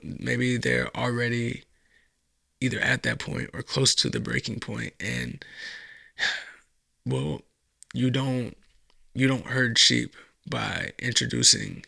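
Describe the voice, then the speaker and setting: A man delivers a profane solo podcast rant. His voice is gravelly and bright, cutting through with a tense edge. He pitches into sarcastic put-on voices as he goes. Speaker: podcast host. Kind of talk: solo commentary monologue.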